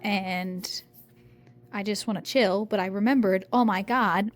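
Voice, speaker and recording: A young woman recording a casual video diary at home, hoarse and out of breath, rambling in a tired voice and swearing often. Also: medium pitch, steady tone, unhurried, soft background music. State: hoarse from singing; out of breath from pacing. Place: home kitchen, microwave running.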